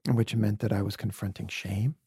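A man from Brooklyn, a podcast guest, telling reflective personal stories in an earnest, heartfelt way, sometimes dropping to a soft near-whisper. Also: on the low side, flat delivery, normal speed, breathy edge, dry recording, clean studio sound. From Brooklyn, USA. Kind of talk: earnest conversational storytelling.

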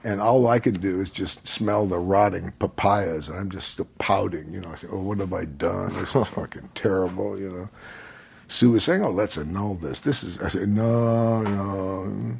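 Older guest with a breathy, husky voice, unhurried storyteller who chuckles and swears easily. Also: male voice, low-pitched, darkish tone. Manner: laid-back, rambling, chuckling, swears freely. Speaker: podcast guest. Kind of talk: casual storytelling.

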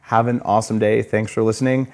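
A man's voice: on the low side, quick pace. A man hosting a podcast, talking casually with lots of "like" and "uh," keen on health gadgets. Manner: relaxed, filler-heavy, enthusiastic about gadgets. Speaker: podcast host. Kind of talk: casual interview and studio walkthrough.

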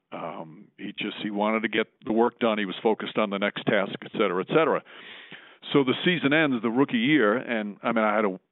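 A man, a veteran sportscaster, recalling a story in a measured, thoughtful way as a podcast guest. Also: fairly low pitch, no room sound. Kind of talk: relaxed interview storytelling. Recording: tinny phone-like line.

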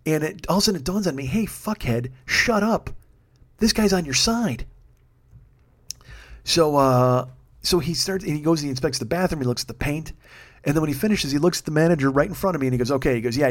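Guy talking fast on his own podcast, swearing a lot, rambling story. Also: mid-range voice. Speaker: podcast host. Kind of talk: solo comedic monologue. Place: home apartment.

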